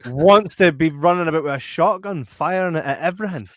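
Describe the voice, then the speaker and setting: A man, co-hosting a podcast in casual film review chat, animated and acting out lines. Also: a little high, normal speed, no room sound, studio quality. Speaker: podcast co-host.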